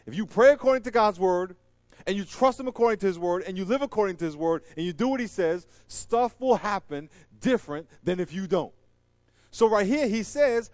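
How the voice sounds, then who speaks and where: A man preaching a sermon, animated and joking, swinging from loud emphatic lines to quiet asides. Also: sits high, no room sound. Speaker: pastor.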